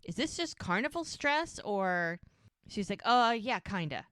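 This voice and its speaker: A woman co-hosting a podcast, casually recapping a TV episode and acting out the characters' lines in quick voices. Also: medium pitch, very animated, fairly bright tone, no echo. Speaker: podcast co-host.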